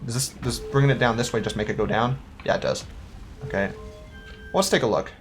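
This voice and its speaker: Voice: medium pitch, faint music behind. A young adult playing a game and chatting casually, thinking aloud, questioning themselves and laughing now and then. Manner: playful, quick to laugh. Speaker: let's-play gamer. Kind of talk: casual gameplay commentary.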